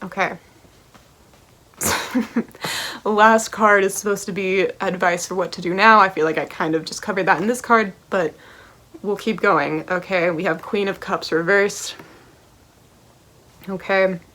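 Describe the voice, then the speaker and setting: A woman's voice: mid-range voice, fairly even intonation, measured pace, pauses often, sharp tone. A woman giving a tarot reading to camera, blunt and passionate, swearing freely and checking in with the listener as she goes. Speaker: tarot reader.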